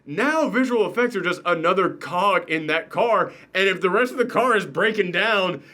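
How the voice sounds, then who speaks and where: A man with a high, bright voice runs a casual movie review chat. His pitch swings wildly as he jokes and rants with emphasis. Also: moderate pace. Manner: animated, joking, emphatic rants. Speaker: show host.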